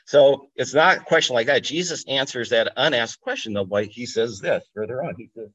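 A man's voice: mid-range voice, moderate pace, fairly bright tone, lo-fi sound. A man preaching a sermon in a conversational way, explaining scripture and checking in with "okay?".

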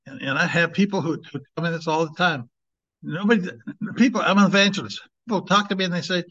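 A man's voice: a little high, fairly bright tone. A man preaching an informal sermon as an evangelist, emphatic and conversational, stretching out key words. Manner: emphatic, conversational, drawn-out slow stresses. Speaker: evangelist, teacher. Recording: dull lo-fi recording.

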